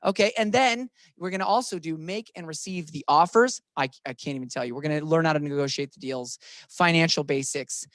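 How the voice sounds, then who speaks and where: A man's voice: on the high side, brisk, a bit bright, dry recording, studio quality. A man leading a real estate training session, playful and emphatic, talking to the room and to viewers online.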